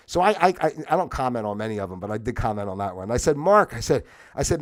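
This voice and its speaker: A man's voice: medium pitch, sing-song, fast talker. A man hosting a casual solo livestream, rambling and sarcastic and laughing at his own jokes. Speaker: livestream host.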